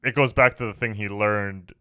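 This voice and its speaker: Bright, clear-voiced man in casual talk. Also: fairly low pitch, moderate pace, dry recording, clean studio sound. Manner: animated, swears, acts out quotes in funny voices. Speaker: podcast co-host. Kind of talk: casual movie review chat.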